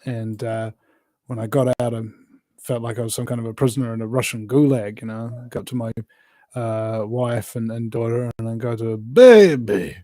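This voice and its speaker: A New man talking as a guest, voice of medium pitch. He rambles and presses his points with lots of fillers and restarts. The sound is close and dry, with no room around it. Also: little pitch movement, a little fast, warm tone, no echo. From New Zealand. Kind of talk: casual conversation.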